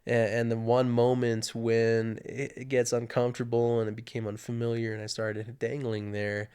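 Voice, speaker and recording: Animated man telling a story. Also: mid-range voice, moderate pace, clear, resonant tone. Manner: animated, acts out his own panicked inner voice. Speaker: guest sharing his testimony. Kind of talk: casual storytelling.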